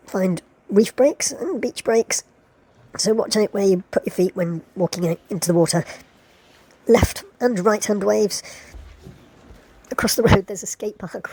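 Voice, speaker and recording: A woman's voice: medium pitch, dark tone, slightly rough. A woman casually narrating a travel vlog about surf spots, chatty and laughing now and then.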